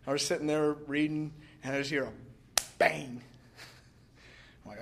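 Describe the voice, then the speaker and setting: Easygoing pastor, slightly high voice, rambling storyteller who laughs between lines. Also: male voice, fairly even intonation, moderate pace, vocal fry, long pauses, slight background noise. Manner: conversational, laughing often, lots of filler "like". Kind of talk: casual sermon with storytelling.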